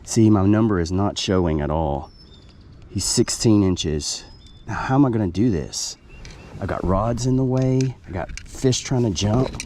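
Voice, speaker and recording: Man, deep voice, casual fishing vlog, outdoors on a river, faint background noise. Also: measured pace, dark tone. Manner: chatty, self-deprecating, talks to the camera while fishing. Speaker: fishing vlogger.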